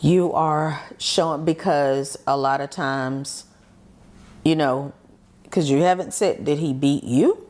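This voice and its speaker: A woman's voice: low voice, slow pace, darkish tone. A woman host interviewing a guest, offering many short encouraging affirmations.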